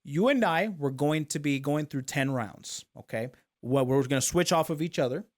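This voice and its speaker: A man with a fairly high voice talks at a normal speed as he hosts a casual talk stream. He guides his guest through the rules step by step, checking in with "okay?" along the way.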